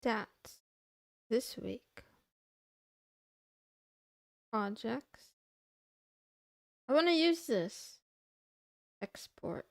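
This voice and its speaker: Slow, gravelly-voiced streamer woman. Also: on the high side, animated, no echo, studio quality. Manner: playful, talks to chat while working, giggly. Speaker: VTuber streamer. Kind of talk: casual coding livestream chat.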